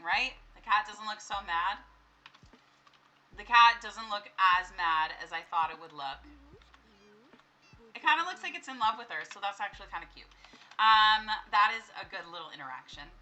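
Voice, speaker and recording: A young woman with a bright, forceful voice gives casual gameplay commentary. She chats with the characters on screen as if they could hear her and sometimes bursts into startled, laughing screams. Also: mid-range voice, low-quality recording. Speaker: gameplay streamer. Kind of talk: casual let's-play commentary.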